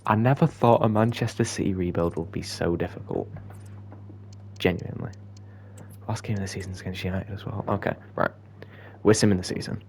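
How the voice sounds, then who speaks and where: A young man commentating on his own football video game match, moving between quiet muttered asides and excited outbursts. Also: low voice, a little fast, gravelly, long pauses, a little hiss or hum. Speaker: gaming YouTuber. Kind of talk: gameplay commentary.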